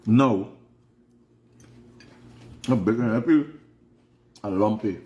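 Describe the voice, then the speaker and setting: In a casual advice monologue, a Guyanese man hosting a vlog speaks frankly and preachily about life, repeating phrases for emphasis. His medium-pitched, darkish voice is a bit slow, and he pauses often.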